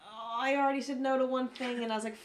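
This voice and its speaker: A woman's voice: high voice, fast talker, reverberant, a little hiss or hum. A woman co-hosting a podcast, chatting casually and acting out the people in her stories. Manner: animated storyteller, acts out quoted people. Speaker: podcast co-host. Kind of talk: casual chat.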